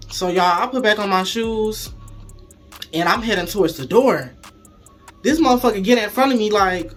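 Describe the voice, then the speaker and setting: A young man telling a casual storytime, animated and profane, acting out the dialogue as he goes. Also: sits high, normal speed, soft background music.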